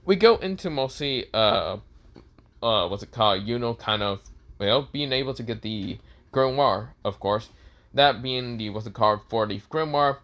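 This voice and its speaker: A man's voice: medium pitch, normal speed, fairly bright tone. A man casually narrating a fan story, rambling with lots of fillers and restarts.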